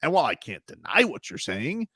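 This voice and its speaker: A man hosting a sports talk radio show, emphatic and animated, swinging between loud and quiet. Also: medium pitch, a little fast, breathy edge, no room sound, clean studio sound.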